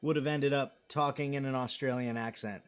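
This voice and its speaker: A man's voice: medium pitch, fairly even intonation, a little fast, smooth. A man in his thirties hosting a live stream, chatting casually and rambling as he reads viewer comments and jokes about himself. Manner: self-deprecating and joking.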